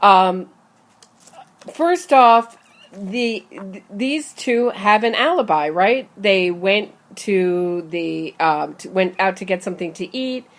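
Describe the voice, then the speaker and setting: A woman's voice: mid-range voice, expressive, slow pace. A woman hosting a casual true-crime discussion, talking conversationally and steering the topic. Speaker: podcast host.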